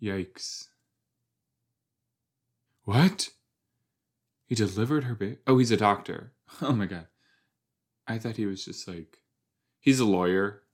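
A man's voice: lowish voice, slow pace, pauses often. A young man reacting casually to a TV episode as he watches, thinking aloud with lots of fillers and exclamations. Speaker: reaction podcast host.

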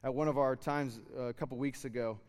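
A man in his thirties giving a sermon as a pastor, relaxed and storytelling, then rising to fervent exhortation. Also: mid-range voice, a little fast, smooth, big-room sound. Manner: conversational, building to fervent exhortation.

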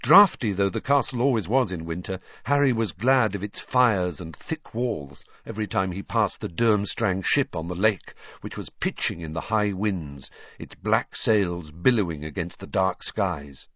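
Male reader for audiobook narration, measured and expressive, dry booth, a bit dull. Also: low voice, no echo. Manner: measured storytelling. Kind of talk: scripted narration. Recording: dry, slightly dull studio recording.

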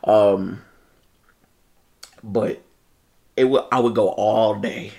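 A young man in casual chat, telling lively stories, mimicking people and laughing often. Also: on the low side, extremely slow, vocal fry. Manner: animated storyteller, mimics people, laughs a lot, swears.

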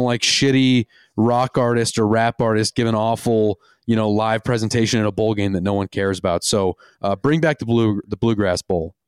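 A man's voice: mid-range voice, clean tone, no echo, clean studio sound. A man co-hosting a casual sports podcast from a remote home mic, laid-back and chatty, tossing in fillers and the odd swear. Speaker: podcast co-host. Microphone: remote call, home microphone.

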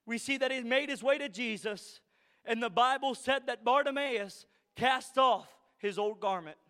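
A man preaching in a church sanctuary, his voice very high and bright with a gravelly edge. He builds phrase by phrase into shouted emphasis, repeating his lines in a steady cadence, and now and then gets choked up. The sound rings with long reverb from the hall. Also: measured pace. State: choked up with emotion at times. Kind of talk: sermon.

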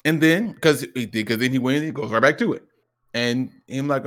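A man's voice: medium pitch, normal speed. A man co-hosting a podcast conversation who tells stories earnestly and acts out quoted lines. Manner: animated storytelling, acts out his son's lines; earnest and reflective. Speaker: podcast co-host. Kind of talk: casual conversation.

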